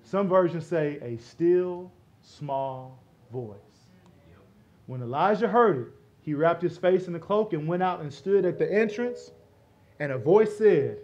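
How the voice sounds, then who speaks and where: A man preaching a sermon as pastor, swinging from loud exclamations to hushed near-whispers and playfully acting out imagined voices. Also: on the high side, lively intonation, a little slow, lo-fi sound. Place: church sanctuary.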